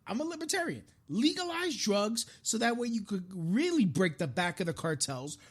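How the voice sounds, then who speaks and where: A man's voice: high-pitched, big pitch swings, moderate pace. A man hosting a live-streamed podcast, delivering a frustrated, profane political rant with frequent restarts. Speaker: podcast host.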